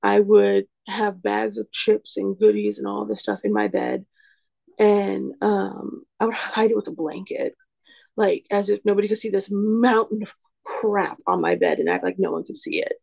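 Heavily gravelly young woman, rambling. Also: mid-range voice, little pitch movement, normal speed, a little mellow, low-quality recording. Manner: rambling, with frequent "you know" and "um" fillers; frank and self-deprecating. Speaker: recovery speaker sharing her story. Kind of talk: candid personal testimony.

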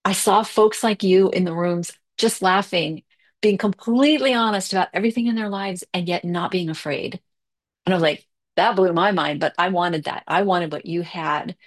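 A middle-aged woman giving a candid personal recovery share. She talks conversationally, with fillers, quick bursts and slow stretches. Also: on the low side. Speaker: recovery meeting speaker.

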